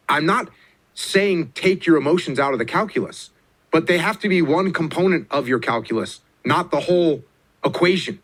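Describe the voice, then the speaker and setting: Blunt, emphatic man with a higher voice. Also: lively intonation, moderate pace. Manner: blunt and repetitive, with sharp rises in pitch on key words. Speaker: former military officer giving advice. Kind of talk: emphatic motivational talk.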